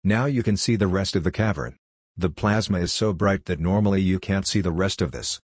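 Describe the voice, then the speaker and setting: A man reading the lines of a calm, odd-talking male scientist in a story, in a measured, matter-of-fact way. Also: deep voice, husky, no echo, clean studio sound.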